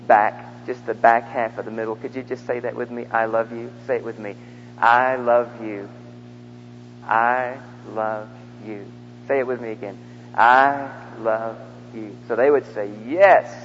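A man's voice: medium pitch, quick pace, a little hiss or hum. A male preacher leading a large church crowd in call-and-response during a sermon, coaxing them section by section. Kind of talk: interactive sermon. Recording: dull echoey hall recording from the mic.

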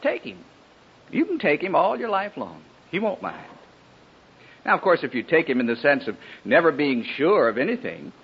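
A man preaching a sermon in an earnest, pleading way, with a husky voice. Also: medium pitch. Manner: earnest, pleading, rising and falling emphasis. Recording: dull lo-fi old sermon recording.

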